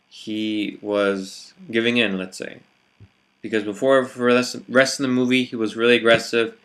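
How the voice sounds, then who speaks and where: A man talks through his thoughts in a relaxed vlog, his voice sitting a little low. He hesitates often and restarts his sentences, filling the gaps with "you know" and "let's say". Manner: hesitant, many fillers and restarts. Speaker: vlogger. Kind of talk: reflective casual monologue.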